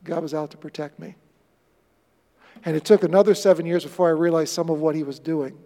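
A male pastor preaching a sermon, telling stories earnestly and swinging from loud bursts to quiet moments. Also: a little high, steady tone, brisk, long reverb tail.

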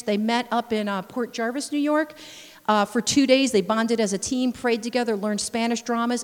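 A woman missionary giving a sermon full of personal stories, acting out scenes and exclaiming praise. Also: on the high side. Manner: lively storyteller, acts out scenes, exclaims praise. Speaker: missionary speaker. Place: church sanctuary. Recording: long reverb of a large church hall.

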